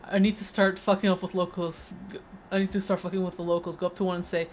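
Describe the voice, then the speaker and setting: Chatty streamer, slight Spanish accent. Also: female voice, on the low side, level tone, fast talker, a little mellow, slight background noise. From Peru. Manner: over-enunciates consonants; chatty, rambling, many restarts. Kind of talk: casual game-stream chat. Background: faint game music.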